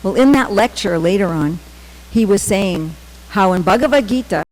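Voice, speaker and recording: A middle-aged woman giving a temple class, telling personal stories with many "um" pauses and acted-out quotes. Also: medium pitch, animated, darkish tone, rough recording. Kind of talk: scripture class with personal storytelling.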